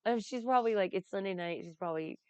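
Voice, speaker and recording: A vlogger recounts a comedy festival, a woman rambling through casual stories, laughing often and swearing freely. Her mid-range voice is quick, smooth and a little mellow, with no echo.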